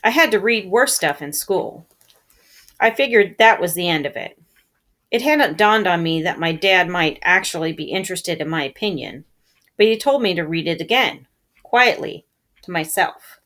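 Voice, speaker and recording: A woman with a lowish voice reads a novel aloud. She tells the story in a calm first-person manner, at an even, unhurried pace. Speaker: reader.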